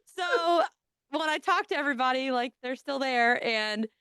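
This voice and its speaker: A woman's voice: high-pitched, moderate pace, bright, forceful tone, clear, resonant tone, no room sound. A woman hosting a podcast in casual chat, chatty and full of likes. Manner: chatty, lots of likes and laughs. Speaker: podcast host.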